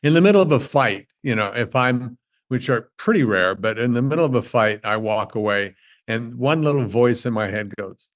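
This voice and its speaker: A man as a podcast guest in casual chat, halting and self-deprecating, often repeating words as he talks. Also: medium pitch, animated.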